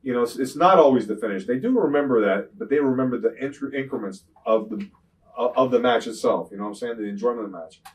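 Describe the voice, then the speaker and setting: An older man, a retired wrestler, telling rambling profane stories in an interview, often saying "you know what I'm saying" and getting loud when he retells fights. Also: mid-range voice, fast, recorded from a distance, rough recording. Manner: grows loud and animated when retelling confrontations. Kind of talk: shoot interview storytelling.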